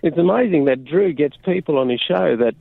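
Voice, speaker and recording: Gravelly Australian man on a phone line. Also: on the high side, expressive, a little fast. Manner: friendly, joking. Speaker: caller. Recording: phone line with crowd noise.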